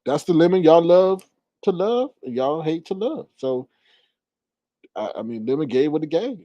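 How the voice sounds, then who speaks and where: Sassy, animated man ranting into a phone. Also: moderate pace, no room sound, dull audio. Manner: animated, sassy, rises in pitch when riled. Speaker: commentary vlogger. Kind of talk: casual commentary rant.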